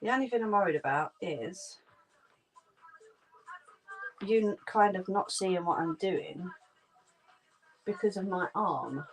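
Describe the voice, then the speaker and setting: A woman's voice: fairly low pitch, animated, takes it slowly, pauses often, faint music behind. A woman hosting a crafting livestream from a room at home, chatting casually and reassuring her viewers. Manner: reassuring, homely, calls viewers "love". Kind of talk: casual chat while crocheting, answering viewers' comments.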